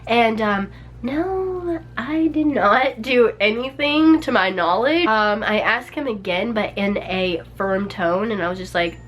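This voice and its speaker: A woman's voice: a little high, lively intonation, a little slow, fairly bright tone. A young woman vlogger telling a personal story in a casual, chatty way, peppered with "like" and small laughs. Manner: chatty, many "like"s and little laughs.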